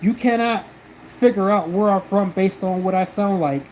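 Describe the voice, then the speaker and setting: A man's voice: sits high, normal speed, a little mellow, poor audio. A blunt male streamer from the American South swears freely as he answers his chat. His talk is casual and defensive, with a faint hum of background noise behind it. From South Carolina, American South. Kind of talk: casual live-stream chat reading comments.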